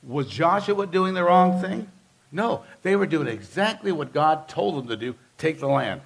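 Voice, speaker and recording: Gravelly-voiced preacher giving a sermon. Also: male voice, on the high side, expressive, unhurried. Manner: emphatic, conversational preaching with repeated phrases. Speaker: pastor.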